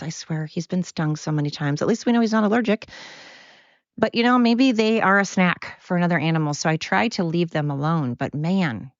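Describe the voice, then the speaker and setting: Rambling older woman, low voice. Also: no echo, dull audio. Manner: rambling, chatty, self-talking. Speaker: podcast host. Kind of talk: casual solo podcast monologue. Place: at home, dog panting nearby.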